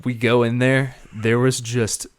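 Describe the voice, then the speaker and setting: A young man in casual podcast chat, recounting a wild night with friends at a middle pitch. He talks animatedly, swears freely and laughs through his own story. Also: flat delivery, unhurried. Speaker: podcast co-host.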